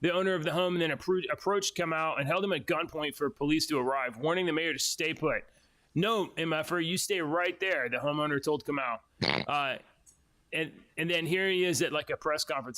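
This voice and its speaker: A man's voice: on the high side, fairly bright tone. A man co-hosting a casual podcast, reading news stories aloud with laughs and mocking quoted voices. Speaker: podcast co-host.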